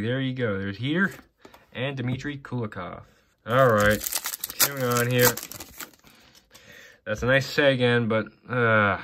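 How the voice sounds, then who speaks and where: Opening hockey card packs, a Canadian collector with a bright, forward, mid-range voice talks casually. One player name follows another, with offhand comments dropped in between.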